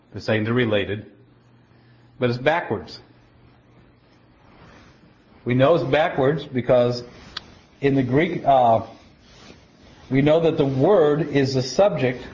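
A man preaching a Bible teaching, explaining scripture step by step in a deliberate way, often stopping to restart a word. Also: mid-range voice, a little mellow. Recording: dull lo-fi recording.

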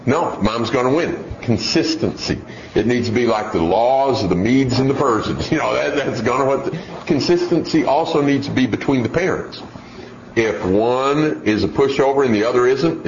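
A man teaching on child training in a sermon style, animated and acting out nagging parents. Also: fairly low pitch. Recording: echoey, dull lo-fi recording with faint hiss.

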